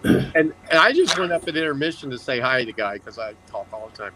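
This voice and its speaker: A man chatting casually on a video call, telling lively, rambling anecdotes. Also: mid-range voice, fast, background noise. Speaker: guest. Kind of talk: casual storytelling chat.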